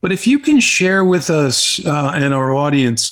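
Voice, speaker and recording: Guy hosting a podcast, asks calm, earnest questions. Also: a little high, measured pace. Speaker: podcast host. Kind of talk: interview questions.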